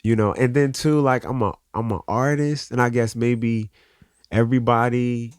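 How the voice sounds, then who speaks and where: Earnest man with a smooth voice. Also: mid-range voice, steady tone, no echo, clean studio sound. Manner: earnest, open, halting restarts. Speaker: guest artist. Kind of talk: candid conversational interview.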